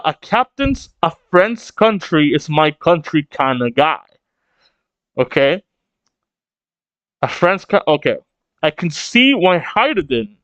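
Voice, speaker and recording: A young man reacting to a comic chapter he reads aloud, excitable and swearing, laughing often. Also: high-pitched, no echo, dull audio. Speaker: reaction streamer. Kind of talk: casual reaction reading.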